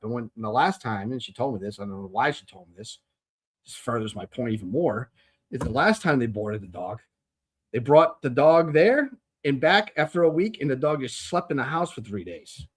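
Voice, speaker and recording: A man hosting his own podcast in a loose, rambling rant. He talks bluntly and swears often. He trips over restarts as he circles his complaints, at an everyday middle pitch. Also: expressive, a little fast, breathy edge. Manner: blunt, profane and rambling, with many fillers and restarts. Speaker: podcast host. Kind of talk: casual ranting monologue.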